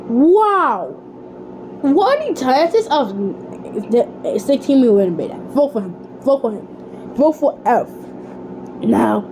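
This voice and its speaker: Dramatic woman cartoon host, super high voice, talks slow, bursts out all the time. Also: slight background noise, low-quality recording. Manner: excitable and dramatic, with sudden outbursts.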